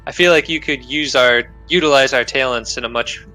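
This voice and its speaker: A man's voice: medium pitch, fairly quick, pushed and bright, faint music behind, poor audio. A man playing in a tabletop role-playing game, eager and persuasive, often restarting mid-sentence. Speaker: player.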